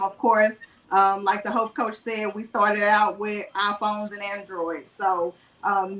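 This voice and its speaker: A woman's voice: mid-range voice, fairly bright tone, reverberant, rough recording. A woman with a New Orleans accent, an upbeat guest talking on a video call.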